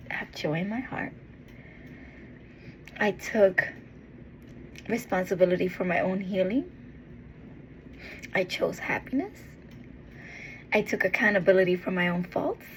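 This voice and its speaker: A woman giving a heartfelt, encouraging monologue as a vlogger, earnest and tender, with pauses and restarts. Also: on the high side, breathy edge, poor audio. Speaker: motivational vlogger.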